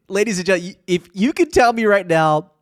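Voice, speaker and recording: A young man talks through his solo podcast in a loose, casual way. His voice climbs and dips constantly with lively, animated pitch, and he trips over his words and starts over often. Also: moderate pace. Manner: animated storyteller, laughing helplessly, many restarts. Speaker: podcast host.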